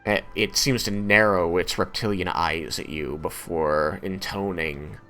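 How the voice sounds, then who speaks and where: A man runs a tabletop fantasy game, describing the scene in a measured, unhurried way. His voice sits low, and faint music plays behind him. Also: steady tone, sharp tone. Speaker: game master.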